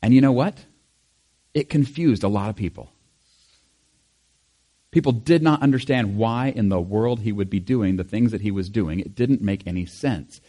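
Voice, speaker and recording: A male pastor giving a conversational sermon, animated and chatty, acting out quotes with small laughs. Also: fairly low pitch, moderate pace, long pauses.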